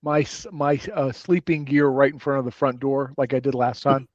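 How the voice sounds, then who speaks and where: A man playing a tabletop game, speaking haltingly and repeating his words. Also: mid-range voice, steady tone, dry recording, dull audio. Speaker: player.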